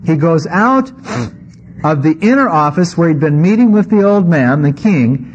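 A pastor preaching a conversational sermon, reading scripture and adding wry asides. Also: male voice, fairly high pitch, animated, normal speed. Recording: slightly muffled with faint background noise.

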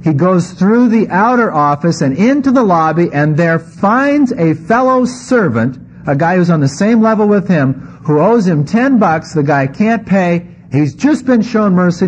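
Man, pastor, sermon, wry asides, slightly high voice, dull lo-fi sound. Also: animated, a little slow, few pauses. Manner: conversational, wry asides while reading scripture. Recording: slightly muffled with faint background noise.

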